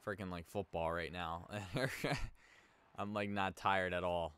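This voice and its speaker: A young man casually commentating on his own hockey video game as he plays, chatting and reacting loudly to plays. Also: deep voice, takes it slowly, clear, resonant tone. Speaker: gaming YouTuber. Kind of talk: casual let's play commentary.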